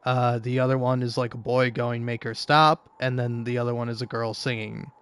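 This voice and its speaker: A man hosts a commentary video, ranting at online comics with plenty of swearing and stammered restarts. His mid-range voice is smooth and fairly quick, yet delivered completely flat.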